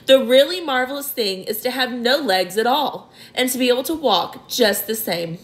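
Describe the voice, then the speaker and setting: A woman's voice: fairly high pitch, expressive, normal speed, lightly acted. A woman voicing a prim, scolding male earthworm in a storybook reading. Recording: roomy echo.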